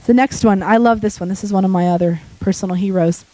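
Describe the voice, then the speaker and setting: Sick woman preaching in a mellow voice. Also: medium pitch, quick pace, dry recording, low-quality recording. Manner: conversational, joking asides to the congregation. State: sick, voice deepening. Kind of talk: sermon. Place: church.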